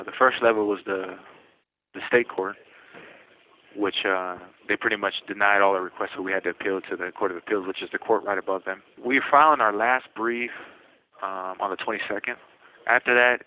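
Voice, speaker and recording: A man telling his own story over a prison phone call, talking in quick bursts with many restarts and laughing now and then. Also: lowish voice. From United States. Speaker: incarcerated interviewee. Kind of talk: phone interview, personal storytelling. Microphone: telephone. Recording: tinny prison phone line.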